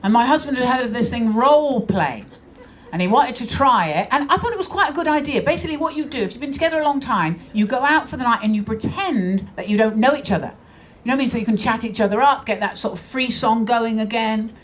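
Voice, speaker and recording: A woman's voice: a little high, lively intonation, quick pace. A middle-aged woman performing a stand-up comedy routine in a brash, conversational, mock-exasperated way on a club stage. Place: comedy club stage before a laughing audience.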